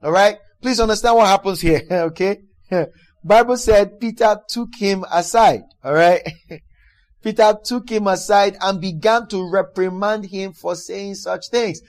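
Guy preaching, reads scripture then gets loud and emphatic, repeats himself, voice on the high side. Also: measured pace. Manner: emphatic, repeats words, builds to loud exclamations. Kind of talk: sermon with Bible reading.

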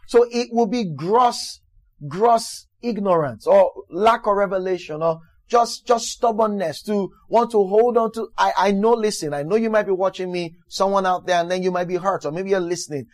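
A man's voice: high voice, darkish tone, dry recording. A male preacher delivering an emphatic sermon, repeating key phrases and putting questions to his listeners.

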